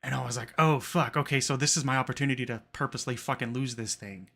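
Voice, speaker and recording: A young man with a bright voice co-hosts a livestreamed podcast. He talks in a laid-back way, full of fillers, and swears freely. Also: medium pitch, fairly even intonation, fast, creaky. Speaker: podcast co-host. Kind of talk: casual chat, livestream.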